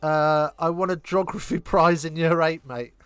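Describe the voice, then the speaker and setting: A man with an English accent doing casual live match commentary, trading cheeky, crude banter with chat between excited calls of the play. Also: fairly high pitch, moderate pace, clean tone, no echo, soft background music. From England.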